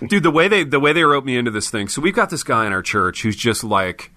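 Bright-voiced bantering man podcaster. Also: medium pitch, sing-song, fast talker, no room sound. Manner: loose, joking, says "dude" a lot. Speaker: podcast co-host.

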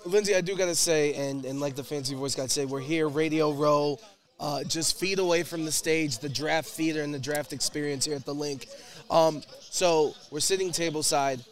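A man's voice: fairly high pitch, steady tone, moderate pace. Joking man hosting a sports chat. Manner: playful, jokey, lots of fillers. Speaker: podcast host. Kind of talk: casual chat. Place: media room at a draft event. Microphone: table mic.

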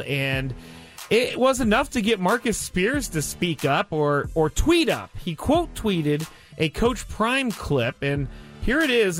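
A male sports radio host who mixes banter with live ad reads in an animated way. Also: fairly high pitch.

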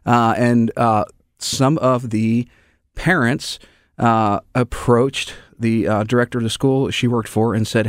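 A man's voice: mid-range voice, fairly even intonation, takes it slowly, no room sound, studio quality. A man co-hosting a talk show, chatty and telling stories in a casual way. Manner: chatty storyteller. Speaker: co-host and gun shop owner. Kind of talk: casual chat.

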